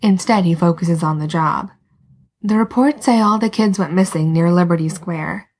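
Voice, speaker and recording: A woman reading a story aloud as narrator, soft and unhurried, sometimes dropping to a whisper. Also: fairly low pitch, breathy edge. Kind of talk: scripted narration.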